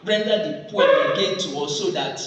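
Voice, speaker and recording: A man's voice: high voice, moderate pace, fairly bright tone. A man with a Nigerian accent, lecturing students and coaxing them with frequent "okay?" checks. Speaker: guest lecturer. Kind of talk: classroom lecture. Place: large echoey hall. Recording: echoey hall, mic far off, noisy.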